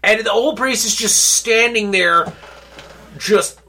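A man's voice: sits high, slow. A man hosting a podcast, casually retelling a movie with lots of swearing and acted-out quotes. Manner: profane, animated storytelling with acted-out quotes. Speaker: podcast host. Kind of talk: casual chat. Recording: loud background noise.

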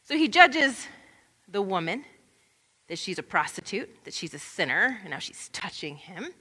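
Expressive woman teaching scripture in a hall. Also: medium pitch, unhurried, slightly rough. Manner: expressive, acts out scenes in quoted voices. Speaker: Bible teacher. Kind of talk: animated Bible teaching.

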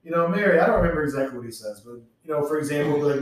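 A man's voice: fairly high pitch, lively intonation, racing, far from the mic. A man co-hosting a podcast, casually recapping a TV episode and acting out the characters' lines in a laid-back way. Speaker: podcast co-host. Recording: echoey room, voice off-mic.

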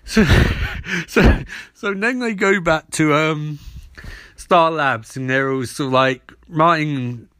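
A man retelling a show's plot comically, quick to jump into characters' voices. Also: fairly high pitch, no echo, clean studio sound. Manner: animated, impersonating characters. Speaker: comic recapping a show.

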